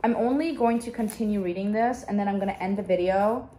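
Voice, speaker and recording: A woman's voice: mid-range voice, quick pace, mellow, slight background noise. A young woman chatting on a book vlog, gushy and emotional as she talks about reading. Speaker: book vlogger. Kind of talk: casual vlog chat.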